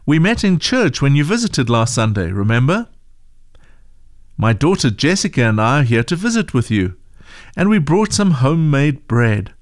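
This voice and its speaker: A man voicing a gentle, patient churchgoing mother in a storybook reading, calm and encouraging. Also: mid-range voice, normal speed, no echo, clean studio sound, lightly acted.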